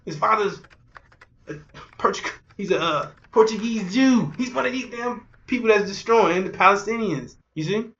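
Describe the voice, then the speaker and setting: A man preaching a fiery street sermon, repeating himself and jumping between loud outbursts and low murmurs. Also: moderate pace, highs cut off. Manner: repetitive, rhetorical, keeps asking "you see".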